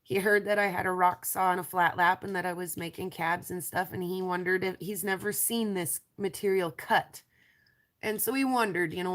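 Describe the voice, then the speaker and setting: Lower-voiced woman with a stuffy nose and a raspy voice, rambling through a relaxed live-stream show-and-tell. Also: moderate pace. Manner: chatty, rambling, trails off with ums. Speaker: lapidary showing rocks to viewers. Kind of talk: casual live-stream chat.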